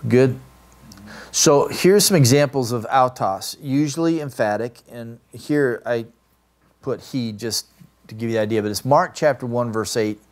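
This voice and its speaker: A man's voice: mid-range voice, unhurried. A man giving a classroom lecture on grammar, explaining step by step and often checking with "right?". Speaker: Greek grammar teacher.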